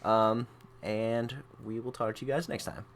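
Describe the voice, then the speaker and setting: A man's voice: fairly low pitch, flat delivery, moderate pace, slight background noise. A young man hosting a casual gaming podcast, talking in a laid-back, rambling way with lots of fillers. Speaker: podcast host.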